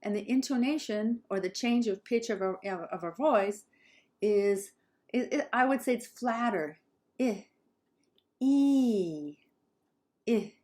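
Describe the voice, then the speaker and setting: A woman from Southern California with a Southern Californian accent, teaching English pronunciation slowly and carefully and modeling sounds for learners to repeat. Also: mid-range voice, a little mellow. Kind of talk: pronunciation lesson.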